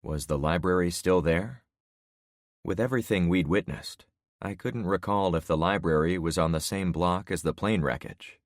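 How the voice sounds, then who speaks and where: Deep-voiced older man narrating. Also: moderate pace, no echo, studio quality. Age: 60s. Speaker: audiobook narrator. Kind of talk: first-person audiobook narration.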